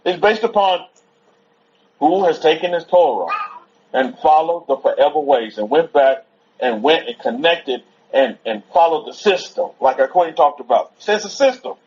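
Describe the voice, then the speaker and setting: A man's voice: a little high, expressive, normal speed, darkish tone. A man giving an informal, rambling sermon at a Sabbath gathering, repeating himself and talking conversationally. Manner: rambling, repetitive, conversational, stops to soothe a toddler. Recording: dull lo-fi recording.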